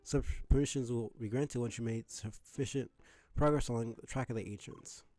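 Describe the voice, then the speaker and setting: A man's voice: medium pitch, warm tone, dry recording, soft background music, lightly acted. A man doing a formal game announcer. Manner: formal and measured. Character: formal official announcer addressing newcomers.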